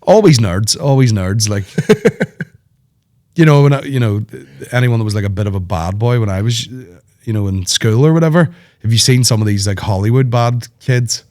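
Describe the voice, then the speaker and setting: A man hosting a podcast, rambling in animated, sweary banter. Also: mid-range voice, normal speed. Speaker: podcast host. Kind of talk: casual chat.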